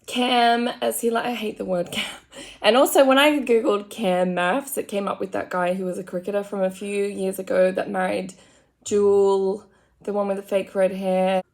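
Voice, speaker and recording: Young aussie woman, rambling casual makeup chat, frank and full of "like", mid-pitched. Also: little pitch movement, moderate pace. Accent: Australian. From Australian countryside. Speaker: makeup vlogger. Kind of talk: casual chatty commentary. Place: home.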